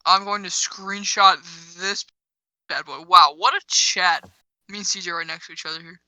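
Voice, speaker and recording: A teenage man co-hosting a casual podcast with friends, quick and teasing. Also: sits high, steady tone, sharp tone, no room sound, low-quality recording. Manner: quick, teasing, mock-formal. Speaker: podcast co-host.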